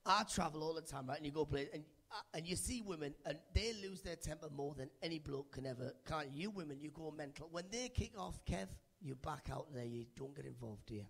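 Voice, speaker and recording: A male stand-up comedian working the crowd from a club stage, teasing audience members by name in a chatty way. His voice sits high and has a gravelly, husky grain. He speaks into a handheld stage mic. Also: animated, fairly quick, few pauses, fairly bright tone. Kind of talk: stand-up set with crowd work.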